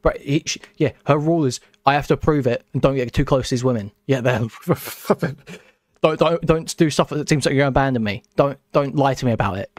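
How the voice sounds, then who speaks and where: Man, mid pitch, quick sarcastic stream commentary, dry sound. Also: no room sound. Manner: sarcastic, incredulous. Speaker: streamer co-host. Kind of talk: casual reaction commentary.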